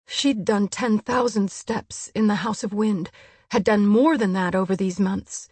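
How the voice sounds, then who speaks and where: A woman narrating an audiobook in a hushed, measured storytelling voice. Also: medium pitch, fairly even intonation, slightly rough, no room sound. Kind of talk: scripted narration.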